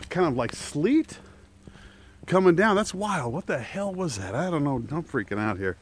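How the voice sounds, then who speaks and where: A man in middle-pitched voice that swings widely up and down as he chats. He is live-streaming a walk outdoors through quiet woods, filmed with a camera on a selfie stick. His talk is casual and chatty, with frequent laughs and jokes about the danger out there. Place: outdoors in a quiet wooded park.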